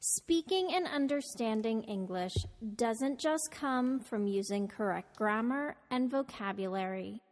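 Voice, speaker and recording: Female podcast narrator, higher voice, slow and carefully enunciated, with long reverb on the clip. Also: animated, darkish tone. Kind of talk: scripted lesson narration.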